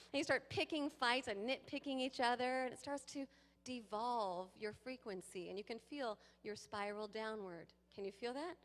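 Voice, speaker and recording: A woman giving a sermon to a congregation, lively and playful, with laughing asides to the people in the pews. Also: fairly high pitch, moderate pace. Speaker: guest speaker. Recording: long hall reverb.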